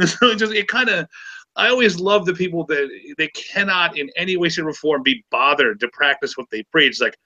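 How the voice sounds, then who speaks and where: A man's voice: fairly high pitch, brisk, pushed and bright, muffled recording. A man in his forties, hosting a podcast, telling stories with sarcasm and plenty of stammered restarts. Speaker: podcast host. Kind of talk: casual chat.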